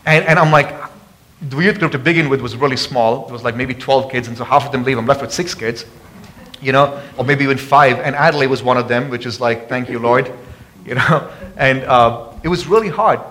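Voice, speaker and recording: A man preaching a sermon as pastor, passionate and calling out to the congregation for responses, often rising loud and high for emphasis. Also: brisk. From abroad. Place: church sanctuary.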